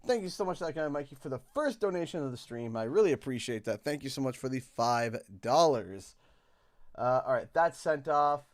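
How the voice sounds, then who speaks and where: A man's voice: medium pitch, expressive, moderate pace. A man with a Canadian accent, casually commentating a live gaming stream and rambling to himself as he clicks through menus.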